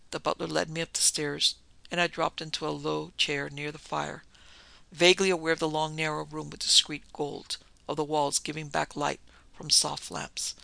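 A man narrating an audiobook in a steady, evenly paced storytelling manner. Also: on the high side, brisk, gravelly, dry recording.

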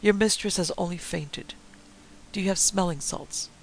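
A man's voice: high voice, normal speed, a little hiss or hum, poor audio. A man doing a brusque old Dutch doctor. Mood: brisk. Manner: curt, commanding. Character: older Dutch male doctor, powerful and brusque.

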